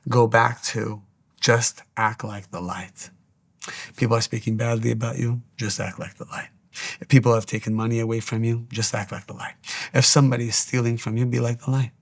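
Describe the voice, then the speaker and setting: A man giving a spiritual teaching monologue, speaking earnestly and repeating his exhortations. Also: medium pitch.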